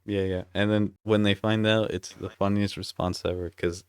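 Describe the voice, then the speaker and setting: Podcast co-host, man, very low voice, dry close sound, loose and profane. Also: little pitch movement, moderate pace, clean tone, no room sound. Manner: loose and profane, retells scenes with laughter. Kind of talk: casual chat.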